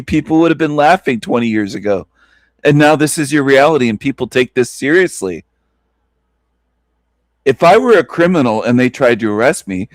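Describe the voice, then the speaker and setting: A man's voice: on the high side, no room sound. A man hosting a stream, giving mocking, incredulous commentary on a clip and laughing often. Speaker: stream host reacting to a video clip. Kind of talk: casual reaction commentary.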